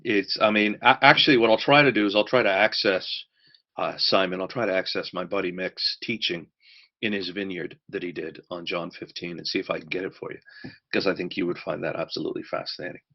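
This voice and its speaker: A man's voice: low voice, fairly even intonation, brisk, dull audio. A man teaching a church course, emphatic and repeating key words for stress.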